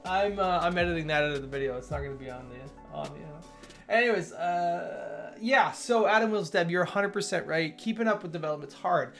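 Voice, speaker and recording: With soft music in the background, a man hosts a casual livestream reviewing software updates, reading changelog items aloud, greeting chat and rambling with frequent self-corrections. His voice is on the high side, expressive and fairly bright, with vocal fry, and he speaks fairly quickly.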